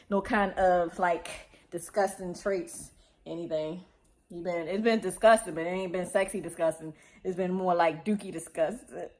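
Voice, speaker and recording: A woman vlogging casually at home, playful and laughing often as she baby-talks to her dogs. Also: mid-range voice. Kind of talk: casual vlog chat.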